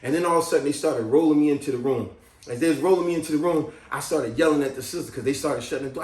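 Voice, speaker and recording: A man vlogging an animated personal story, laughing and jumping into loud, excited outbursts when quoting himself. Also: fairly high pitch, rapid-fire. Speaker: video creator telling a personal story. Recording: roomy echo, from off the mic.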